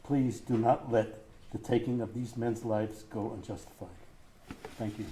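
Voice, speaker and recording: A middle-aged man, a grieving father, reading a prepared statement in court; his voice is tearful and halting, breaking as he chokes up. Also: lowish voice, steady tone, background noise. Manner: grief-stricken, halting, voice breaking.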